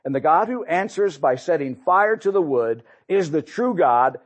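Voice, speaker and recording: A bold male prophet confronts a crowd in a raised, emphatic voice, as a preacher reads his words aloud. The delivery is lifted above the reader's own pitch. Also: expressive, normal speed, lo-fi sound. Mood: challenging. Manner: raised, emphatic scripture reading.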